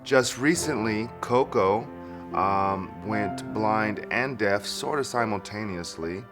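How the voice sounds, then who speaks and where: Man, dog owner, friendly and relaxed, lowish voice, music bed. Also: slow. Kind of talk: documentary interview.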